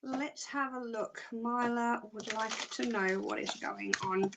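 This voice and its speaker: A woman psychic doing live card readings, chatty and excitable, laughing often. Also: fairly high pitch, slow, gravelly, background noise. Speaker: psychic reader.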